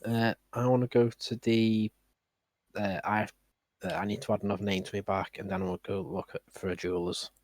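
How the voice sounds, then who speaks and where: A man playing a tabletop game who sounds hesitant, uses many fillers and rushes some phrases. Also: fairly low pitch, level tone, no echo, rough recording. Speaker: player. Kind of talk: casual tabletop play.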